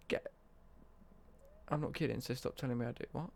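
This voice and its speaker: A man's voice: medium pitch, fairly even intonation, a little fast, gravelly, long pauses, a little mellow, no echo. A young British man ranting on a casual live stream, sweary and worked up.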